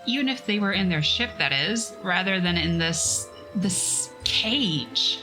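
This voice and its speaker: A woman's voice: lowish voice, lively intonation, takes it slowly, over music, low-quality recording. A woman reading a science fiction story aloud on a casual livestream, breaking off for chatty, self-mocking asides.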